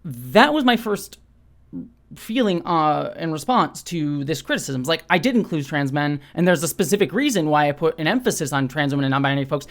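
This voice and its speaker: A woman hosting her own channel, talking through a criticism in an unscripted, reflective way, with lots of fillers. She often speeds up or slows down, and her voice jumps up on words she stresses. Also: sits low. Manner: thoughtful, self-questioning, talks through ideas with frequent fillers. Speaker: channel host.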